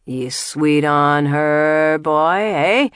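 A woman voicing a brutal drunken older man, shouting and taunting in a loud, raised voice. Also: deep voice, drawn-out words, smooth, no echo, clean studio sound. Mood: jeering, shouting.

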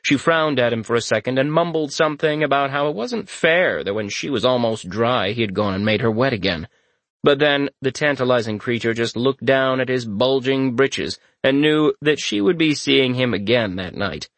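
A man narrating a fantasy novel in a steady, wry storytelling manner. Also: mid-range voice, moderate pace, no room sound. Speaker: audiobook narrator.

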